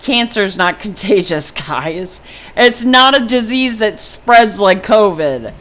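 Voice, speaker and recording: A middle-aged woman vlogger speaks openly to her viewers in a plain, mid-pitched voice. She talks in a loose, rambling way, with frequent ums, restarts and asides. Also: lively intonation, slow pace, fairly bright tone. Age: 50s. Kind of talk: casual personal talk to camera.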